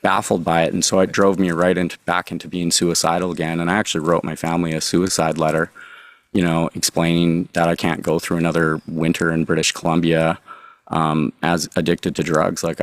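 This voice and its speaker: A man with a very low, level voice recounts his own story for an interview, earnest and halting, pausing to gather his words. The sound is dry and close, with no room around him. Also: level tone, no echo. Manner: earnest, halting confessional telling. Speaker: guest, drug recovery consultant. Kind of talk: candid personal storytelling.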